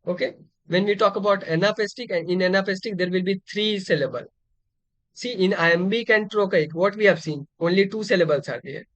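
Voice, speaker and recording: A man's voice: high voice, brisk, no room sound. A man teaching a literature lecture, explaining terms step by step with frequent fillers and restarts. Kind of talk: exam-prep lecture.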